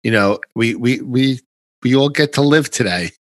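A male podcast host talking in a casual, animated and emphatic way. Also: mid-range voice, normal speed, no echo. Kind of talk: casual conversation.

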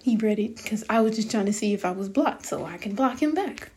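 A woman's voice: mid-range voice, expressive, fairly quick, darkish tone. A young woman telling viewers a story in a casual storytime rant, blunt, profane and exasperated. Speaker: vlogger.

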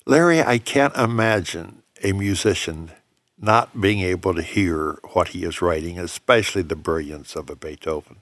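A man's voice: deep voice, moderate pace, fairly bright tone, no echo. An older man, a pianist and songwriter, telling stories in a reflective, earnest way during a casual conversation.

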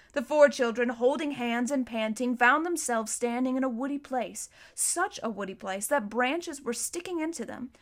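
Woman reading a storybook aloud. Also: fairly high pitch. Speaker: audiobook reader. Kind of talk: storybook narration.

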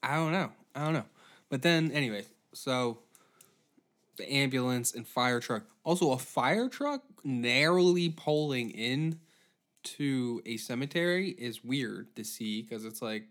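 A man hosting a comedy podcast, rambling through a profane monologue with deadpan asides. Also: medium pitch, unhurried. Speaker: podcast host.

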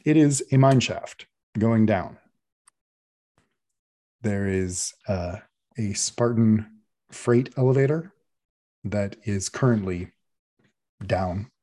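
A man's voice: lowish voice, takes it slowly, long pauses, mellow. A man narrating a tabletop game as game master, describing scenes at length with frequent fillers.

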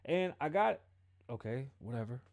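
A man's voice: mid-range voice, big pitch swings, normal speed, darkish tone. A male host giving casual, profane pop-culture commentary on a livestream and acting out quoted dialogue.

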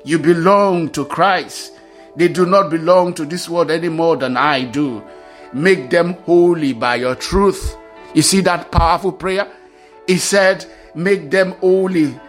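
High-voiced man preaching a sermon. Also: a little slow, soft background music. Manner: emphatic, repeats key phrases, reads scripture aloud.

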